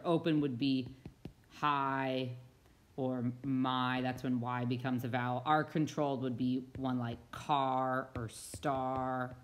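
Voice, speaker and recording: A woman teacher narrating a slideshow reading lesson, patiently explaining and sounding out words. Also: rumbling low.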